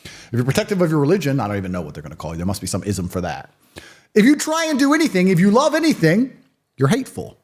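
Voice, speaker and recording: This man, in his thirties, is being interviewed and shares stories and provocative opinions with blunt emphasis. His voice is a little high, with huge pitch swings and a quick pace.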